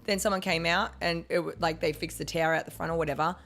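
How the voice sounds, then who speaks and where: Australian woman, podcast co-host, casual chat, rambling anecdotes, very quick, lowish voice. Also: fairly even intonation, creaky, a bit bright. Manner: rambling, quick storytelling with acted-out quotes.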